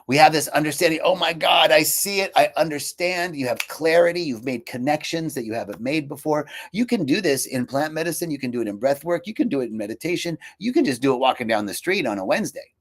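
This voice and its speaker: A man's voice: fairly high pitch, expressive, quick pace, hardly any pauses. A man giving a casual live talk about healing, reflective and personal, with fillers and restarts, sometimes quoting others in livelier voices. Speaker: speaker for a healing retreat.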